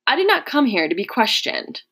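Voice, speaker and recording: A woman reading the part of a charming, scheming young Roman nobleman, smooth and mocking with a quiet menace. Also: a little high, sing-song, moderate pace, pitched above the performer's own voice, exaggerated voice. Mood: coaxing. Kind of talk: audiobook character reading.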